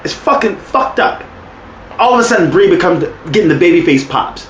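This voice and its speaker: A man's voice: sits high, lively intonation, brisk, echoey room, highs cut off, a little hiss or hum. A man co-hosting a wrestling podcast in casual chat, talking profanely and acting out quotes with laughs. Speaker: podcast co-host.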